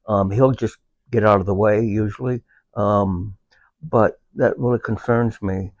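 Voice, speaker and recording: A man speaking as a veteran guest in a casual conversation about his service dog, pausing often with fillers as he talks. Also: on the low side, fairly even intonation, darkish tone, no room sound, highs cut off. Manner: halting, unhurried, with many filler pauses.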